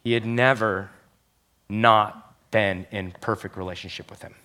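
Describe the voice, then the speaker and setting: Young guy pastor preaching, lowish voice, earnest, leans on the big words. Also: fairly even intonation, pushed and bright. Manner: earnest, emphatic, slows down on key phrases. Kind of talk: sermon.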